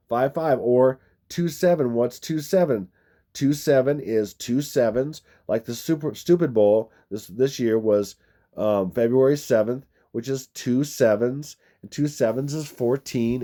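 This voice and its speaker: A man's voice: mid-range voice, mellow. A man hosting a video, rambling through number-code commentary over movie clips, meandering and repetitive with frequent restarts. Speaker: video host.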